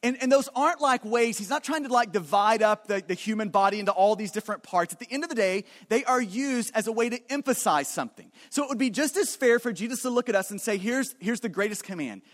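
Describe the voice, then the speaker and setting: A man's voice: sits high, expressive, fast talker, hardly any pauses, big-room sound. A man preaching a sermon as pastor, emphatic and repetitive, often restarting his phrases.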